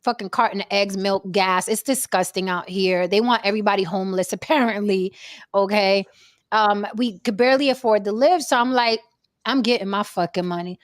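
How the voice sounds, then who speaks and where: A woman, an actress, talking in a casual panel chat in an animated, theatrical way, swearing freely. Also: medium pitch, brisk, dry recording, studio quality.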